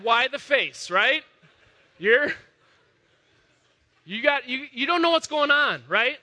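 A man preaching a conversational sermon, rising to loud emphatic peaks as he retells a story. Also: very high voice, lively intonation, takes it slowly, pauses often. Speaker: pastor.

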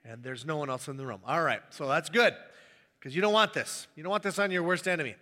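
A man preaching a sermon in a church, animated and joking with the congregation. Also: fairly high pitch, fast talker, in a large hall. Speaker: pastor.

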